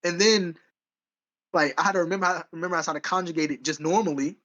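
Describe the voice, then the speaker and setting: A man's voice: on the high side, fairly even intonation, fast talker, bright, forceful tone, lo-fi sound. A man co-hosting a podcast in casual chat, rambling and correcting himself as he goes, with frequent laughs. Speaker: podcast co-host.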